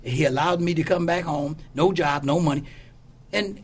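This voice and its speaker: An older man, a bishop from Oakland, California, appears as a guest giving candid testimony in a conversation. He tells his life story emphatically, acting out quotes in a preacherly cadence. His voice is fairly high and slightly rough, at a normal speed.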